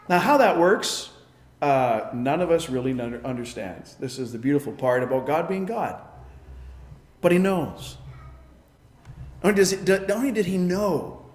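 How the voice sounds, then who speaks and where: A man preaching a sermon, emphatic, swinging between loud declarations and quiet asides. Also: a little high, reverberant. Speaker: pastor.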